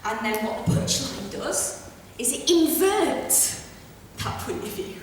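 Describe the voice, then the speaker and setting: A woman delivers a stand-up comedy lecture in a chatty, brash way, tossing in quick asides. Her voice sits a little high. It is captured from a distance, with long reverb and faint room ambience. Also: very animated, a little hiss or hum. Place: theatre stage before a live audience. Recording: echoey hall recorded from afar.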